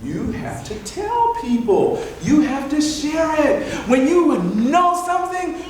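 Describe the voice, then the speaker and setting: A male storyteller with a strikingly high, swooping voice leads a room of children in call-and-response. He is caught from a distance, so the room's heavy echo rings around every line, with a faint hum underneath. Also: slow. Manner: animated call-and-response, coaxing the audience. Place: library event room. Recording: echoey room picked up from afar.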